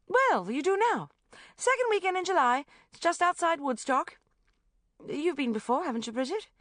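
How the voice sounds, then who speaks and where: An effusive, pushy socialite, voiced by a woman reading the book gushes in a soaring, breathless tone. Her pitch leaps high and swoops about. The sound is dry and close. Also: very animated, moderate pace, fairly bright tone, no room sound, full character voice. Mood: gushing. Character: gushing posh social-climbing woman.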